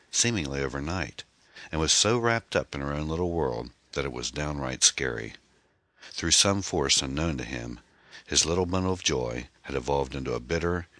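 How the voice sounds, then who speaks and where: Casting: measured male narrator for a mystery audiobook, very deep bright voice. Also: no room sound. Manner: measured, dramatic storytelling. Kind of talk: scripted narration.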